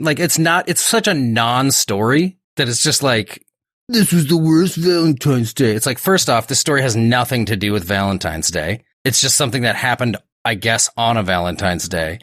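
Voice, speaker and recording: A man's voice: medium pitch, fairly bright tone, no room sound, clean studio sound. A man co-hosting a casual podcast, ranting with lots of swearing. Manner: profane, ranting, exasperated. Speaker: podcast co-host. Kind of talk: casual chat.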